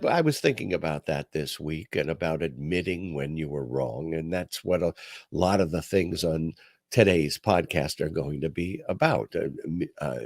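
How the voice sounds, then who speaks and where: An older man hosts his talk podcast with lively, swooping pitch. He tells stories with self-deprecating humor. The sound is close and dry, with no room around it. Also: dry recording. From New York. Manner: storytelling, animated and self-deprecating. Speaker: podcast host. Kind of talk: casual chat.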